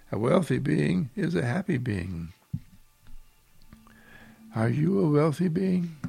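A man's voice: mid-range voice, gravelly, darkish tone, husky, no echo. A man giving an inspirational spiritual talk, full of effusive repetition and rhetorical questions. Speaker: spiritual practitioner giving uplifting talks.

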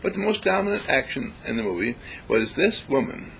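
A man giving a reflective spiritual talk, deliberate and emphatic, repeating phrases to stress them. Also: mid-range voice, big pitch swings, creaky, fairly bright tone, slight background noise, rough recording. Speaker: spiritual speaker.

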